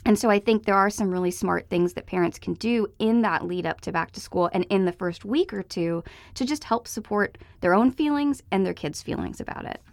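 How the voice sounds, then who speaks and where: A woman co-hosting a parenting podcast, croaky from a flu, chatting in a lively way with fillers and emphatic repeats. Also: mid-range voice, brisk, hardly any pauses, dry recording. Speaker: podcast co-host. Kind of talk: casual podcast chat.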